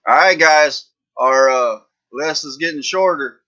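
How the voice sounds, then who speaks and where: A man's voice: fairly high pitch, measured pace, pushed and bright, dull audio. A man hosting a livestream, telling jokes in a rambling, folksy way. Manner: rambling, folksy, lots of fillers. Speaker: livestream host. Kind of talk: casual live-chat joke telling.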